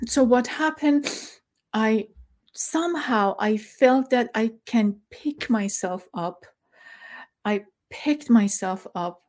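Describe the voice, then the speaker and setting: A middle-aged woman tells a personal story. She speaks haltingly and emotionally, stopping to search for words and using many fillers, and sounds close to tears. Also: medium pitch, dark tone. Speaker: former journalist.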